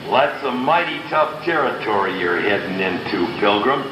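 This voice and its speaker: A man voicing a gruff old Western cowboy who gives slow, drawling advice in a theme park ride clip. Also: lowish voice, animated, very noisy, close to an everyday voice. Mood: drawling warning. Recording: roomy ride audio, loud ambience.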